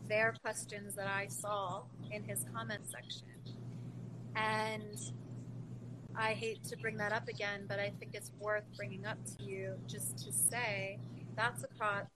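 A woman's voice: mid-range voice, little pitch movement, unhurried, background noise. A woman hosting an interview, asking earnest, reflective questions in a conversational way. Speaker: podcast host.

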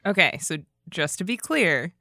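A woman's voice: fairly low pitch, big pitch swings, moderate pace, bright, forceful tone, no room sound. Wry woman co-hosting, dry close sound. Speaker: podcast co-host. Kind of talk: casual chat.

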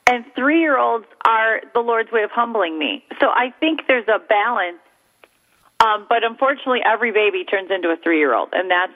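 Sassy woman on a tinny line. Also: medium pitch. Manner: sassy, self-mocking, quick asides. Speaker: comedian guest. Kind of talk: joking interview chat.

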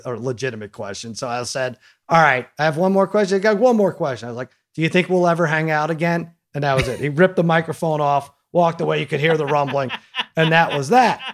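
A man hosting a podcast, telling a story in a lively, casual way and acting out the quotes. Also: a little high, fast talker. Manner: animated storyteller, acts out quotes. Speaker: podcast host.

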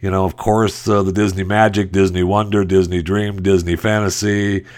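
A man's voice: level tone, moderate pace, a little mellow. A man hosting a podcast, talking in a casual, sarcastic commentary style with rambling restarts and mocking asides. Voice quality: deep gravelly voice. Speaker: podcast host.

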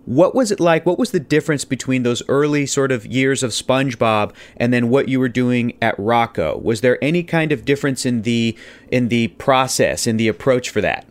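A man's voice: medium pitch, normal speed. A man co-hosting an interview, asking long questions and reacting with enthusiastic interjections. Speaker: podcast co-host.

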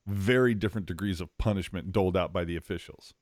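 A man co-hosting a hockey podcast in casual chat, excitable and slangy, calling his co-host "dude". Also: sits low, fast, no echo, clean studio sound.

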